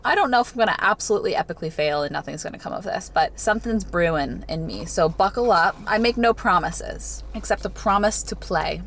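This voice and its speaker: A young woman vlogging casually to camera, chatty and excitable, gasping and squealing over what she unwraps. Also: medium pitch, brisk, hardly any pauses, slight background noise. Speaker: lifestyle vlogger. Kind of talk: casual vlog chat to camera.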